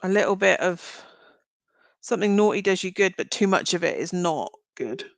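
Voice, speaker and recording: A woman's voice: lowish voice, animated, moderate pace, gravelly, no echo. A woman giving live-streamed tarot card readings, talking straight to viewers in a chatty, meandering, reassuring way as she thinks aloud. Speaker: tarot reader.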